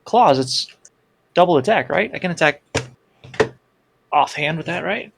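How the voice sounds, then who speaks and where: A man's voice: on the high side, animated, a little slow, creaky, background noise. A man playing a tabletop game, thinking aloud and unsure about the rules. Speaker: player. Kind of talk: casual chat at a game table.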